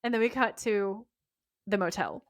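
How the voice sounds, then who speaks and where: A woman's voice: medium pitch, normal speed, no room sound, studio quality. A woman co-hosting a podcast, reading a TV episode recap aloud, acting out the lines and laughing as she goes. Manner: reads scene notes aloud, mimicking lines, laughing often. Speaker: podcast co-host.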